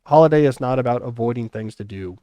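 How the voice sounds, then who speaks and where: A man's voice: medium pitch, fast, warm tone, smooth, no echo, highs cut off. A middle-aged man hosting a podcast in a casual, reflective chat, thinking aloud. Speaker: podcast host.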